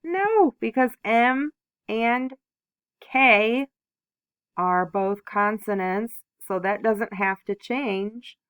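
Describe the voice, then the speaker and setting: A woman's voice: on the high side, extremely slow, fairly bright tone, smooth, dry recording. A woman teaching young children a phonics lesson, patiently sounding out letters and syllables.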